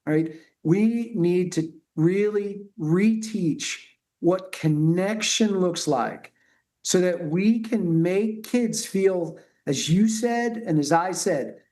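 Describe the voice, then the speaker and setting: A middle-aged male pediatrician talking earnestly and haltingly with many restarts in a conversation. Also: sits high, a little mellow. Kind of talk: conversational interview talk.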